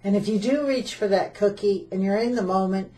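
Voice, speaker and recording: A woman hosting an interview, asking questions and summing up in an unhurried, affirming way. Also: medium pitch, warm tone. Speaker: interview host.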